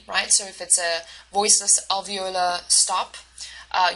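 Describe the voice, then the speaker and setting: This recorded lecture comes from a woman university instructor who walks through the material step by step, using fillers and starting over at times. Her mid-range voice is bright and forceful, captured in a low-quality recording.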